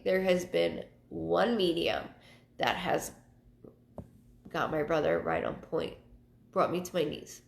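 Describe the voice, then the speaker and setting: A woman psychic medium hosting her live show, chatting casually and telling personal stories in a halting way, often repeating words. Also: lowish voice, gravelly. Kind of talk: casual livestream talk. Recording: roomy echo.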